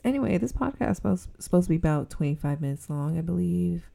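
A woman's voice: lowish voice, lively intonation, a little fast, gravelly, mellow. A woman with a Southern Californian accent, hosting a casual solo podcast at home and rambling giggly with lots of fillers; she says her voice sounds snobby. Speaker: podcast host. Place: indoors at home with a heater on.

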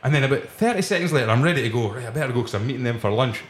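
A man's voice: medium pitch, lively intonation, very fast, reverberant. A Scottish man, the podcast host, telling a casual anecdote in the back room of a pub and laughing often as he goes.

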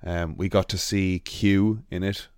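A man's voice: low-pitched, fairly even intonation, unhurried, clean tone, no echo, clean studio sound. A man co-hosting a podcast in casual chat, rambling with frequent ums and restarts. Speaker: podcast co-host.

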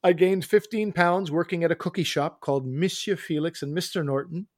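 A man with a slightly high voice, chatting casually as a podcast co-host. He rambles through animated stories and teases his friend. The sound is dry and close. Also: fairly quick, no room sound. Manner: rambling, teasing, animated storytelling. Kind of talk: casual chat.

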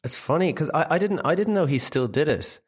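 A man's voice: on the high side, animated, fairly quick, slightly rough. A man co-hosting a film podcast, talking loosely with lots of "like" and swearing. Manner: loose, swearing, filler-heavy. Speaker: podcast co-host. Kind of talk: casual film chat.

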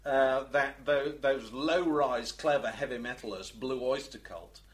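A man's voice: mid-range voice, a little slow. A middle-aged man, co-hosting a podcast and telling stories in a rambling, hesitant way. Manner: rambling, hesitant storytelling with restarts. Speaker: podcast co-host. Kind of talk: casual podcast chat.

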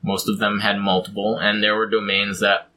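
Casual host, male, lowish and very bright, explanatory rambling delivery, faint background noise. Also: monotone, moderate pace, low-quality recording. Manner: rambling, explanatory, with frequent ums and laughs. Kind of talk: casual chat about tabletop game design.

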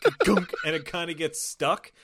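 A man's voice: on the high side, normal speed, a loud crowd. A man in casual, profane chat, recapping a movie and acting out its characters with laughter.

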